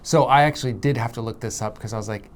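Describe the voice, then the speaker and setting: A man's voice: mid-range voice, quick pace, slight background noise. An American man co-hosting a casual English-learning chat, joking playfully and laughing easily. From United States. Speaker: podcast co-host.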